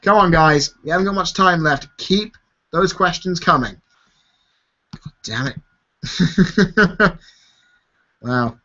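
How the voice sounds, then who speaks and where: Through dull, lo-fi stream audio, a tired YouTube host takes viewer questions in a casual live Q&A, swearing freely and laughing often. His voice is high, pushed and bright, and he speaks slowly with frequent pauses.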